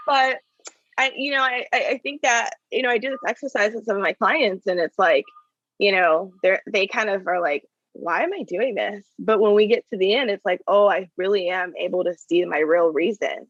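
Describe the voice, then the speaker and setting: A woman who coaches business owners answers interview questions conversationally as a podcast guest, speaking earnestly and often checking in with "right?" and "you know." Her mid-range voice is fairly bright and moves at a moderate pace, and the recording is muffled with no echo.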